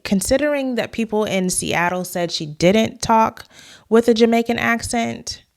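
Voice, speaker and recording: A young adult woman hosting a commentary vlog, talking in a conversational, analytical way with casual asides. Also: mid-range voice. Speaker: host.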